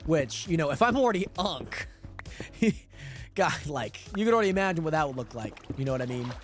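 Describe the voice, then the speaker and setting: High, lively-voiced man chatting on stream. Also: a little fast. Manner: rambling, chatty, talks to chat viewers between game actions. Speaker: livestreamer. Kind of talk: casual gaming livestream chat. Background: background music.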